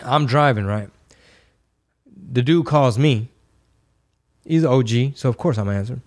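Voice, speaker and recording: A man from Texas telling stories in a casual talk show, lively and swearing freely. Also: mid-range voice, a little slow. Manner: animated, swears freely, acts out quotes. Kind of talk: casual storytelling.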